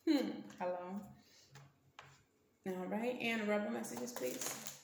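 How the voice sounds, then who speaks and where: A woman's voice: medium pitch, slow pace, vocal fry, long pauses, noisy background. A woman giving a casual tarot reading, blunt and slangy, cursing freely and talking to her cards. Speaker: tarot reader. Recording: roomy echo.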